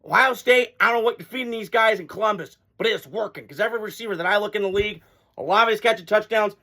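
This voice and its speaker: A man hosts a casual football reaction vlog, rambling bluntly and swearing freely as he shares his takes. His high-pitched voice sounds pushed and bright, and he talks fast.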